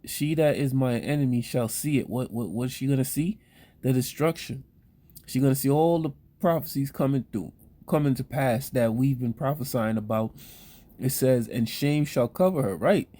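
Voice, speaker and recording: A man's voice: medium pitch, unhurried, darkish tone. A man giving ranting commentary mixed with scripture reading, rambling with many fillers and restarts, crude and preachy. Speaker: online commentator.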